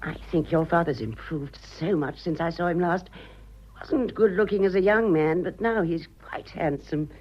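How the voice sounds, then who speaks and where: A woman's voice: on the low side, moderate pace, slight background noise, close to an everyday voice. An English actress playing a chatty, whimsical older society mother, in 1940s radio acting. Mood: gushing. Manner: gushing, whimsical. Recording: dull old radio broadcast.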